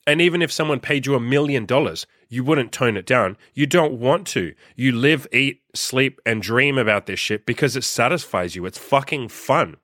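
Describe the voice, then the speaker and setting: This young man, a coach running his own podcast, delivers a profane, blunt monologue berating his audience. He speaks at normal speed with hardly any pauses, his mid-range voice slightly bright, captured at studio quality with no room sound.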